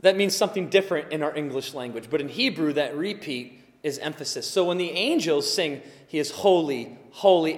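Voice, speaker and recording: A man preaching a sermon, emphatic, swinging between quiet explanation and loud exclaiming. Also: sits high. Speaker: pastor. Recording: long hall reverb.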